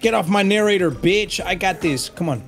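A man playing a video game with a friend, excitable and quick to swear. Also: high-pitched. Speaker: guest gamer. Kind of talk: let's-play banter. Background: game music.

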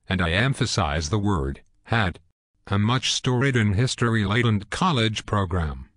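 A man's voice: on the low side, lively intonation, normal speed, a bit bright. A man co-hosting a comedic sports show with a dry, mock-serious delivery. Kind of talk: jokey scripted banter.

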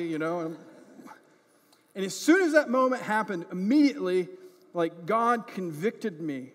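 A man's voice: high-pitched, normal speed. A male pastor preaching a conversational sermon with a personal story. He keeps checking in with the congregation and pokes fun at himself. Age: adult parent. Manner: conversational, often checking in with "right?" and "okay?"; self-deprecating, grows animated in funny moments. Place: church sanctuary. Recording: church hall reverb.

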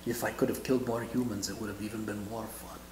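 A man's voice: on the low side, little pitch movement, fast, a little mellow, slight background noise. A man co-hosting a board game review show, chatting casually and playfully chiming in to agree. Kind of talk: casual chat. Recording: echoey room.

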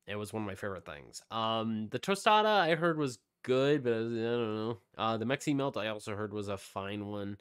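A man's voice: lowish voice, expressive, normal speed, few pauses, fairly bright tone, clean tone. Rambling male podcast co-host. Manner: rambling, reads out release dates with many fillers. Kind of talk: casual chat.

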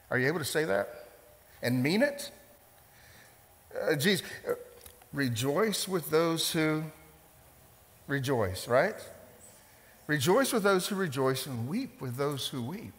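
Male pastor, sermon, emphatic, repeats lines, asks the room questions, slightly high voice, reverberant church hall. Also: animated, slow, long pauses. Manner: emphatic preacher, repeats phrases, questions the congregation.

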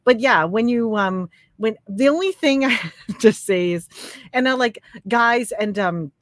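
A woman's voice: on the high side, expressive, a little slow, dry recording. Woman from Canada, casual livestream chat, chatty, laughs a lot, dry close mic. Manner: chatty, laughs often, lots of "like". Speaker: co-host.

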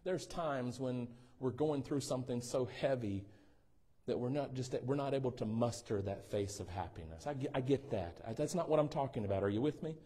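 His voice is medium-pitched and dark, and his pace is brisk as this pastor preaches in a church sanctuary. Playful teasing and calls for the congregation's responses run through his sermon.

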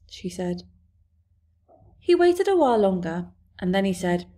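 A woman narrating a children's book aloud in a calm, clear way. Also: on the low side, moderate pace, pauses often. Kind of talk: storybook reading aloud.

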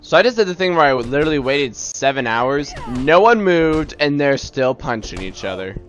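A man's voice: on the high side, very animated, moderate pace, faint music behind. Chatty joking man narrating gameplay. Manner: chatty, joking, self-mocking. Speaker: let's-play host. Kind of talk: casual gaming commentary.

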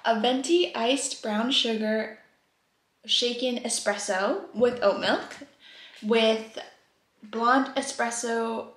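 A woman in her twenties chatting casually in a vlog, gushing and soft-spoken, sometimes dropping to a whisper. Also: fairly high pitch. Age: 20s. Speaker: vlogger. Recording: echoey room with faint noise.

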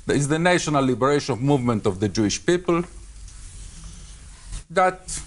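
A man speaking English with a Spanish accent as a debate panelist, pausing often with fillers and repeated words. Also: fairly high pitch, a bit bright. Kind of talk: public debate talk.

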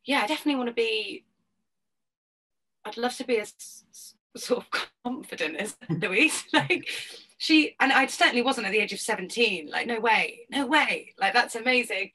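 A woman's voice: on the high side, lively intonation, moderate pace, bright, forceful tone, slightly rough, poor audio. A woman being interviewed as an actress over a video call, talking casually with many fillers. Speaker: actress guest. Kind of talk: interview answers.

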